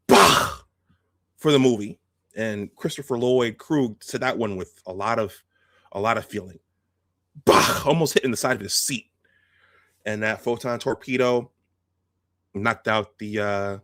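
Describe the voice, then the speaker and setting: A man hosting a video, telling a film's story in a casual, halting, animated way and acting out the scenes. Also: fairly low pitch, dry recording, clean studio sound. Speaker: host. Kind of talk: casual film retelling.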